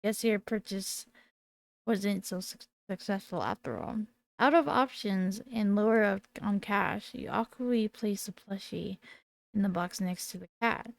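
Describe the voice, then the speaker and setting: A woman in her twenties reading a text game aloud while she plays, with small slips and quick self-corrections. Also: medium pitch, vocal fry. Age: 20s. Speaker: gaming video creator.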